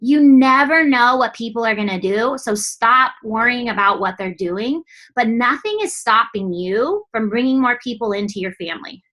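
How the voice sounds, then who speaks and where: A young woman coach giving a blunt, lively motivational talk to her team, swearing often and mimicking others in quick asides. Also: fairly high pitch.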